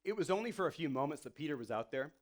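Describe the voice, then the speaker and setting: A man's voice: a little high, sing-song, rapid-fire. A man giving a casual, conversational sermon as a pastor, full of "you know" and "like", playfully acting out the people in his story. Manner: playfully acts out the people he quotes.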